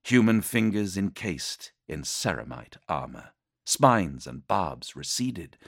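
A man's voice: sits low, gravelly, dry recording, studio quality. A man narrating an action audiobook in a dramatic, intense scripted style.

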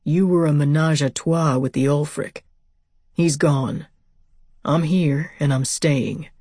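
A woman voicing an earnest, devoted young man who speaks softly and seriously in an audiobook. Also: low-pitched, takes it slowly, no room sound, clean studio sound. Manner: soft, steady, serious.

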